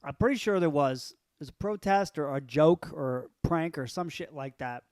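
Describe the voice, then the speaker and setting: A man's voice: on the high side, expressive, moderate pace, darkish tone, dry recording. A man co-hosting a podcast, telling loose, rambling stories with profanity and a slight cough. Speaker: podcast co-host. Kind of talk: casual chat.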